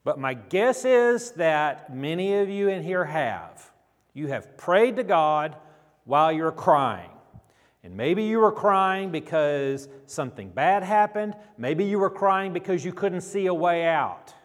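A man preaching a sermon in an earnest, unhurried way. His voice sinks low and soft when he reads scripture. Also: animated. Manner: slow, earnest, drops low and quiet when reading scripture. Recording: long reverb of a large hall.

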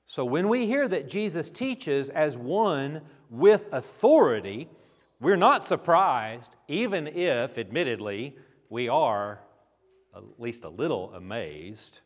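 A man preaching a sermon as pastor, dramatic and emphatic, with rhetorical questions and long pauses. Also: medium pitch, sing-song. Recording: reverberant hall.

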